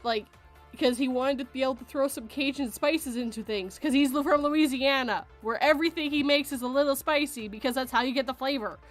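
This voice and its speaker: A woman from Canada hosting a casual podcast chat, talking in an animated, chatty way and laughing often. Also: high voice, brisk, faint music behind. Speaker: podcast host.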